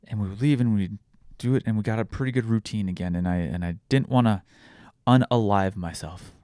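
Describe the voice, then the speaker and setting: A young man with a very low voice speaks candidly about his own life, swearing freely and restarting sentences as he works through it. The sound is close and dry, with no room around him. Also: dark tone, clear, resonant tone, dry recording. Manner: frank, swears often, halting restarts. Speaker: podcast host. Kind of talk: candid personal storytelling.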